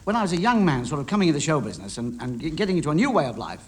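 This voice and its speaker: A male comic panellist who rattles off puns and shaggy-dog jokes. His voice is high and leaps around with a lot of expression, over a faint hiss from an old radio recording. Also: big pitch swings, racing. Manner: punning, gag-driven storytelling. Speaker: comedy panellist. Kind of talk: quick-fire joke telling.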